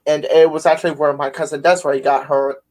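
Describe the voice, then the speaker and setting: Rambling podcast host, lots of fillers. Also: male voice, fairly high pitch, level tone, quick pace, a little mellow. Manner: rambling storyteller, many fillers. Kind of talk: casual conversation.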